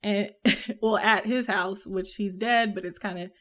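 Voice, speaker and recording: A woman with a Southern American accent talks in a loose, rambling way, full of fillers and quick laughs. Her voice sits in a middle range for a woman. She sounds like a relaxed podcast co-host chatting about a book. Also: medium pitch. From Southern United States. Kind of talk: casual chat.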